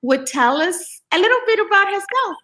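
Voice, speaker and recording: A woman hosting an interview, asking questions in an unhurried, friendly way. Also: very high voice, big pitch swings, pushed and bright, rough recording. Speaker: host. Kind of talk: interview conversation.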